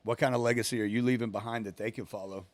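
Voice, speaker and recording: A man's voice: lowish voice, fairly even intonation, very fast, no room sound. A man, a guest on a podcast, speaking reflectively and asking questions back in casual conversation.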